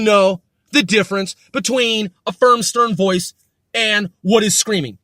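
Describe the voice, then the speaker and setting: A man with a very high, sharp voice rants furiously on his podcast. He swears constantly and repeats his insults. The sound is dry and close, with no room. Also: moderate pace, no room sound. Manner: profane, ranting, repetitive insults. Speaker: podcast host. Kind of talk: angry monologue rant.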